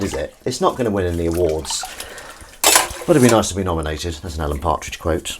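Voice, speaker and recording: A man hosts a casual live stream from his kitchen sink, rambling and chatting with viewers, reading out messages from chat and answering them. His voice is deep, a little mellow and breathy, with lively intonation and a fairly quick pace.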